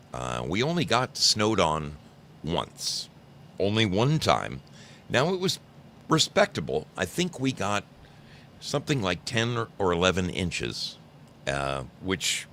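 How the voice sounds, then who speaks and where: A man's voice: deep voice, vocal fry, a bit bright, slight background noise. A man in his sixties from New Jersey, hosting a livestream and chatting casually with viewers, teasing and rambling through stories. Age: 60s. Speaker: livestream host. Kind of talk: casual chat with live chat viewers.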